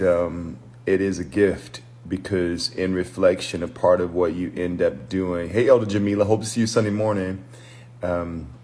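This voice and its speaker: Very deep-voiced man teaching on a livestream. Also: darkish tone, slight background noise. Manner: reflective, unhurried, greets viewers by name. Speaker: deliverance minister and preacher. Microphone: phone livestream.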